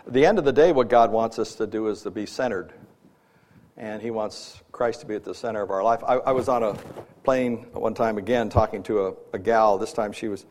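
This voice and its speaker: A man's voice: lowish voice, brisk, a little mellow. A man who works as an executive life coach, giving a conversational Christian teaching talk at an event, with frequent fillers and restarts.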